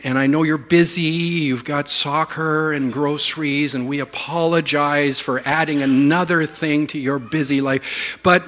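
A man playing an overly apologetic male pastor, speaking softly and hesitantly in a reverberant hall. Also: a little high, steady tone, normal speed, few pauses, pitched below the performer's own voice.

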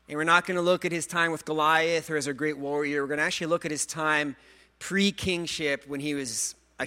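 A male pastor preaching a sermon, earnest and animated, stumbling over repeated words and joking about himself. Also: a little high. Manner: self-deprecating humor.

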